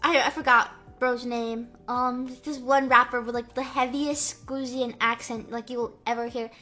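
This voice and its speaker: A woman's voice: a little high, steady tone, normal speed, bright, forceful tone, soft background music. A woman streaming, chatting casually in a playful, rambling way full of "like" and "um". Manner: playful, jokey. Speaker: livestreamer. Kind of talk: casual chat.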